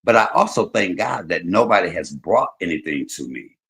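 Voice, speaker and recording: A man hosting a livestream, telling stories in casual chat, swinging between loud and soft. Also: sits low, lively intonation, moderate pace, gravelly. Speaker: livestream host.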